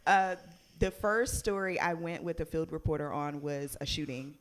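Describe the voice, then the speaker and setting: Talk show guest, mid pitch, casual, chatty, loose phrasing. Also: normal speed, fairly bright tone, a little hiss or hum. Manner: chatty, loose, lots of fillers. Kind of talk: casual chat.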